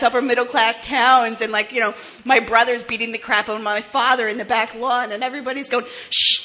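A bright, slightly high-pitched woman speaks in candid personal testimony. She is blunt and curses freely, restarting sentences and laughing as she goes. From New Jersey, US. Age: 30s. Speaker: recovery speaker.

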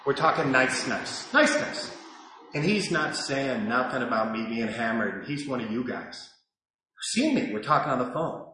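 A man in his sixties sharing his personal story with a live audience at a recovery meeting, animated and swinging between loud and hushed. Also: mid-range voice, moderate pace. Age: 60s. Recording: echoey hall recording.

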